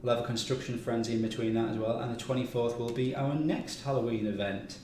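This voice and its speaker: A man's voice: medium pitch, fairly even intonation, quick pace, mellow. A man hosting a game live stream, running through upcoming events in a loose, chatty way with plenty of ums and restarts. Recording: echoey room with faint noise.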